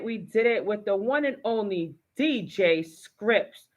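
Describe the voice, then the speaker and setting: A woman's voice: medium pitch, animated, slow. A woman hosting a live online talk show, effusive and enthusiastic as she thanks her guest. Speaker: host. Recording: dull lo-fi live stream audio.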